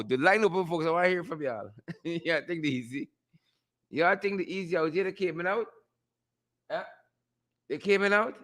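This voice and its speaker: A man hosts a live-stream call-in show in a slightly high voice. He talks in a loose, playful way, chuckling and returning to his catchphrases again and again. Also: a bit bright. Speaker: host.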